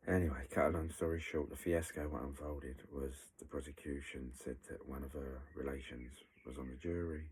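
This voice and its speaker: A man's voice: very deep voice, slightly rough, poor audio. A man bluntly retelling events, acting out what people said and swearing freely. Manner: blunt, animated retelling with acted quotes and swearing. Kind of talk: storytelling recollection.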